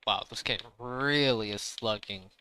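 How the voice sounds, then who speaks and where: A young man chatting casually while playing a game, rambling and deliberately speaking up, often saying "to be honest.". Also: on the low side, pushed and bright, clean tone, low-quality recording. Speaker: gaming streamer. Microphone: desk microphone.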